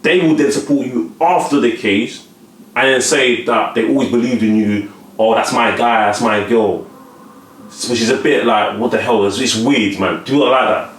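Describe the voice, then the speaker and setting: A man talks straight to the camera in a loose, conversational flow, circling back over his words and checking that you're with him. His voice has a middle pitch for a man. The room around him is echoey. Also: normal speed. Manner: conversational, often asks the listener whether they follow; repeats and restarts words while talking. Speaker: vlogger giving life advice. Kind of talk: casual motivational monologue to camera.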